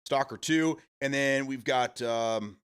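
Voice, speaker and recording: A man's voice: mid-range voice, slow pace, a bit bright, clear, resonant tone. A middle-aged man, hosting a casual live stream, rambling and chatty with self-amused laughs. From Michigan, USA. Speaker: streamer host.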